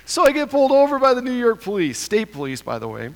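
A pastor from Idaho telling a humorous, self-deprecating story in a sermon. He talks in an animated way and chuckles often. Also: very high-pitched, fast talker, few pauses. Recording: long reverb of a large hall.

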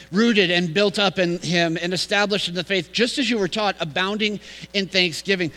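A man's voice: sits high, fairly even intonation, normal speed, bright, forceful tone, big-room sound, rough recording. A man preaching a sermon as pastor, telling a story, reading scripture and building emphasis as he explains it.

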